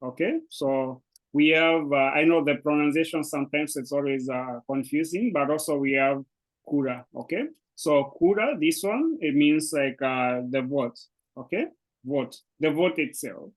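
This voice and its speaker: A male Swahili teacher and native speaker explains an online language lesson in English, hesitating often with fillers and restarts. His voice is on the high side at normal speed, and the audio is poor.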